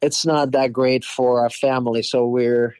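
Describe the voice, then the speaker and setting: A man in his forties from Russia with a Russian accent, a podcast guest telling lively stories and slipping into quoted voices, with many "you know"s. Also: medium pitch, measured pace, clean tone, dry recording. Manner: animated storyteller, acts out quoted voices, frequent "you know". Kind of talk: casual storytelling interview.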